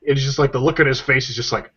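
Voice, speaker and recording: On a dull, lo-fi podcast recording, a man with a medium-pitched, fairly bright, husky voice talks fast with fairly even intonation. In casual conversation, he eagerly retells comic strips and performs the characters' lines.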